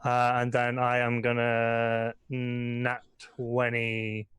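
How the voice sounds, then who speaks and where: A man playing a tabletop game, stating his actions in a flat, matter-of-fact way. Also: mid-range voice, very slow, clean tone. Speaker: player. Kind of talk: casual chat.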